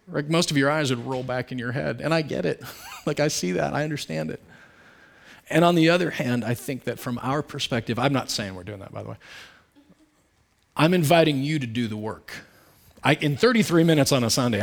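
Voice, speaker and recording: A man preaching a sermon in a conversational, candid way, full of asides, who swings between loud emphatic bursts and quiet low asides. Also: gravelly. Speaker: pastor.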